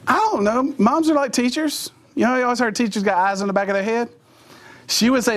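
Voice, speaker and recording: A middle-aged man with a high-pitched voice gives an animated, comic storytelling talk. He switches into other voices and makes sound effects as he goes. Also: fast. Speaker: motivational speaker.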